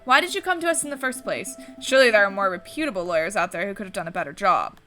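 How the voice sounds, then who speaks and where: A woman's voice: mid-range voice, animated, fast talker, sharp tone, faint music behind. A woman reading the lines of an eager, chatty male sparrow sidekick from a game.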